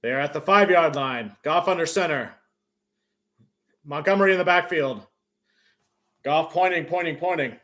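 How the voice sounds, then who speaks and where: Male fan streamer with a high voice, casual play-by-play reaction with loud cheering bursts. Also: unhurried, long pauses. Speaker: live stream host.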